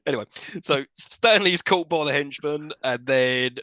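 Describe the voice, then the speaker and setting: A man's voice: a little high, moderate pace, pushed and bright, no room sound. A man co-hosting a podcast, casually recapping a film with laughs and swearing. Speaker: podcast co-host.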